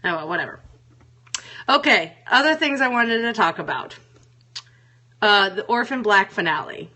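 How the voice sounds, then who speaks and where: A woman's voice: medium pitch, expressive, moderate pace, bright, forceful tone. A woman hosting a casual solo talk show, frank and chatty, swearing freely and reading viewer comments aloud. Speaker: show host.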